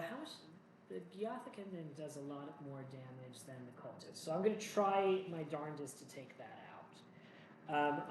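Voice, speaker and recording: A man hosting a solo board game playthrough, chatting through each move in a jokey, self-mocking way. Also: fairly high pitch. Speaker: solo board game player and channel host. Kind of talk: casual playthrough commentary. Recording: echoey room with faint noise.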